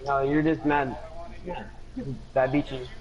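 A man's voice: mid-range voice, steady tone, measured pace, highs cut off, crowd noise. Trash-talking young male gamer. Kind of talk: casual chat while gaming.

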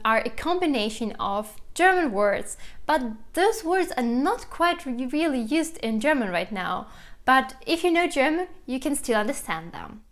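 A young woman with a Russian accent gives a lively vocabulary lesson, pitched a little high. She explains each word with enthusiasm and repeats the key words slowly so they sink in. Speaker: language teacher. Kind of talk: language lesson to camera.

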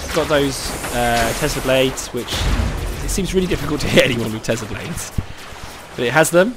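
A man with a cold giving excitable live commentary over his own gameplay, cheering on teammates and talking to himself. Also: medium pitch, normal speed, noisy background. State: has a cold.

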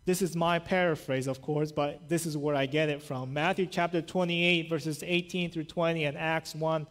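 A male pastor preaching a sermon and retelling scripture stories in a lively, conversational way. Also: fairly high pitch, moderate pace. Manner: animated storytelling, paraphrasing scripture conversationally.

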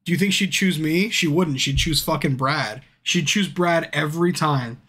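A drunk man streaming a game, chatting casually, swearing constantly and bursting into yells at the screen. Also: on the high side, normal speed, husky. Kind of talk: casual livestream commentary. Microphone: streaming mic.

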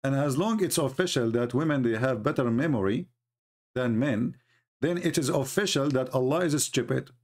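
A man hosting an online talk, speaking as an in a mocking, sarcastic way with lively storytelling. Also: medium pitch, normal speed. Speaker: online debate host. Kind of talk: casual live-stream commentary.

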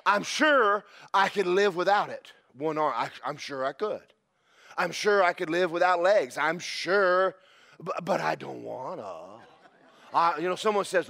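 A man preaching a sermon as pastor, animated and breaking into shouted praise. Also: sits high, a little slow, gravelly.

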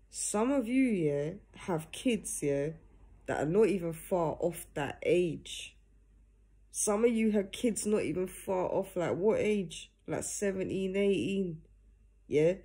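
A young woman vlogs to camera from home in her pajamas, recorded on a phone or camera. She speaks casually, earnestly and directly, ending almost every phrase with "yeah?", in a warm, husky voice on the low side.

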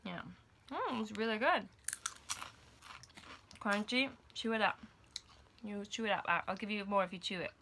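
A woman's voice: medium pitch, moderate pace, pauses often, sharp tone, a little hiss or hum. A woman reviewing snacks in a casual home vlog, chatting to her toddler between comments. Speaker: vlogger.

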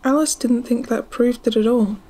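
A woman narrating a storybook in a soft, partly whispered reading voice. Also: on the high side, steady tone, moderate pace, a little hiss or hum, rough recording.

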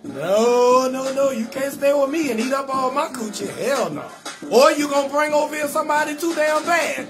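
A man hosting a live comedy call-in show, telling stories loudly and animatedly, acting out both sides of conversations and cutting in with blunt refusals. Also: very high voice, normal speed, over music. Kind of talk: loud storytelling comedy rant.

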